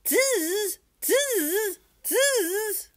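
Grandma doing squeaky chattering monkeys. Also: female voice, animated, very slow, full character voice. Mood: teasing. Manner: squeaky, high chant. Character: cheeky mimicking tree monkeys.

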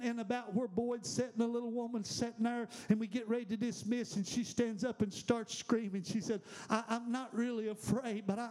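A middle-aged man preaching a fervent sermon at a church service, with repeated hallelujahs, rising to loud peaks and sinking to hushed tones. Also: very high-pitched. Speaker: pastor.

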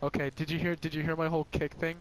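A man's voice: a little high, quick pace, slight background noise, rough recording. A young man chatting casually with a friend over voice chat while gaming, telling a story with lots of laughter and swearing. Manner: laughs often, animated storytelling, swears a lot.

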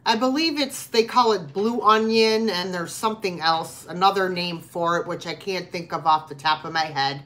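A woman's voice: on the low side, moderate pace, few pauses, a bit bright. A woman chatting casually as she hosts a live online sale, laughing easily between items. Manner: chatty, laughs easily, talks with mouth full. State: runny nose. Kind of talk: casual live selling chat.

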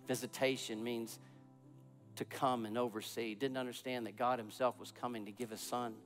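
A man preaching a sermon as pastor, swinging between loud emphatic swells and quiet, low passages. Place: church sanctuary. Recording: long church reverb.

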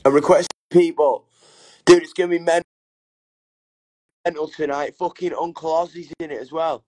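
A young British man hosts a casual livestream chat on his phone from a hotel room. He's energetic, excitable and sweary, with a voice on the high side at a moderate pace.

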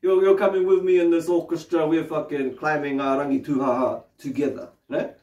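Man with a New Zealand accent and a slightly high voice, a casual, swearing meditation teacher, recorded in an echoey room off-mic. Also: fairly even intonation, brisk, dark tone, dull audio. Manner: loose, swears freely, frequent tag questions. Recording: roomy, distant mic.

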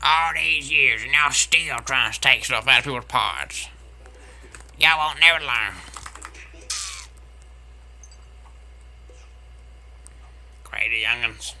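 Guy doing a gravelly old gramps gamer, super bright edgy tone, slow drawl, trolling everyone in chat. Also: medium pitch, a little hiss or hum, heavily acted. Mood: grumbling. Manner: taunting, repeats jeers, laughs. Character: cackling trash-talking old grandpa gamer.

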